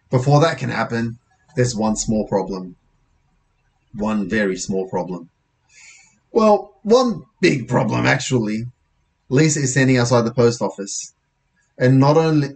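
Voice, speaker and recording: A man's voice: mid-range voice, a little mellow. A man narrating a comic first-person audiobook in a casual, wry manner, sometimes correcting himself.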